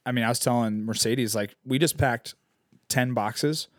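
A relaxed man in his late twenties chats on a podcast in a middle-pitched voice. He rambles easily and chuckles often. The sound is close and dry. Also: moderate pace, dry recording. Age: 20s. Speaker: podcast co-host. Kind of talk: casual podcast chat.

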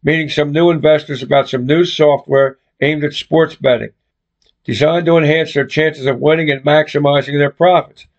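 A man's voice: on the high side, steady tone, normal speed, natural voice. A man voicing an evasive, condescending young man who talks in curt, dismissive lines, on a dull lo-fi recording. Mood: defensive.

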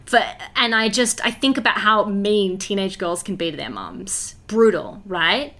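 Animated young woman. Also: mid-range voice, unhurried. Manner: animated and heartfelt, many "like" fillers. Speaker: musical theatre writer and performer. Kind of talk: casual interview chat.

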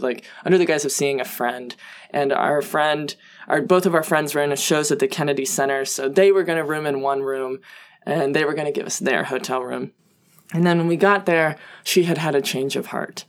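A young woman telling comic personal stories in a casual, self-deprecating way, full of fillers. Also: sits low. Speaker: guest storyteller.

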